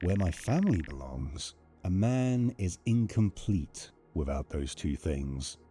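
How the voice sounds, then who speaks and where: A man voicing a creepy, overfriendly male neighbor in a horror game, talking in a soft, unsettlingly sweet way. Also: low-pitched, big pitch swings, slow pace, exaggerated voice. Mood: creepy friendly.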